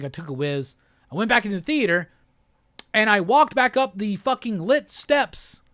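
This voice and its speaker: A man's voice: high-pitched, fairly bright tone, no echo, clean studio sound. Exasperated, foul-mouthed man ranting. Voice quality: expletive-heavy, exasperated, emphatic repetition. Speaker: host. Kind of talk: profane ranting monologue.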